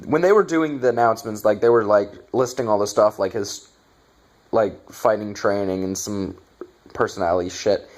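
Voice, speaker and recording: A man's voice: fairly low pitch, moderate pace. A man reviewing a bad movie in a casual, exasperated rant, swearing and sarcastic.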